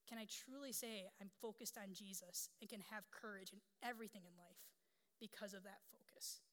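A woman's voice: mid-range voice, a bit bright. A woman pastor in her thirties preaching a sermon in a candid, conversational storytelling way. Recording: long hall reverb.

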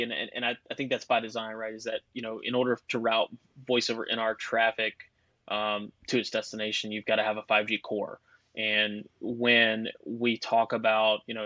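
A man's voice: mid-range voice, sharp tone, dry recording. Man talking over dull lo-fi audio. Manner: rambling, explanatory, with many fillers and restarts. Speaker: guest expert on cell networks. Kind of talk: casual podcast chat.

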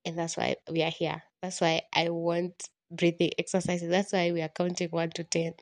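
A woman's voice: on the low side, monotone, normal speed. A woman hosting a solo podcast, talking candidly and rambling like a journal entry, poking fun at herself. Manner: candid, rambling, self-mocking with laughs. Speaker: podcast host.

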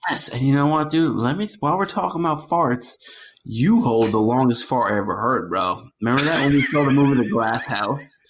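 A man in his thirties co-hosts a casual podcast with a lively, swooping voice. He tells stories animatedly, swears freely, and ends nearly every sentence with "bro" or "dude.". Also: mid-range voice, a little fast, slight background noise. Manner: profane, says "bro" and "dude" constantly, animated storyteller. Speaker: podcast co-host. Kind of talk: casual crude podcast banter.

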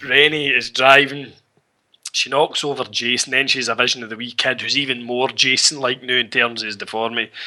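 Sweary bright-voiced man. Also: mid-range voice. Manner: sweary, rambling, chuckling. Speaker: podcast co-host. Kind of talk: casual film recap chat.

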